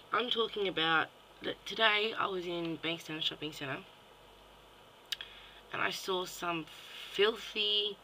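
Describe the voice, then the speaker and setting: Australian woman, young mum, profane blunt rant, very bright tone, faint background hiss, webcam vlog. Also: fairly low pitch, rough recording. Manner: blunt, profane, indignant ranting. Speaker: vlogger. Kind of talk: ranting vlog monologue. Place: home at night.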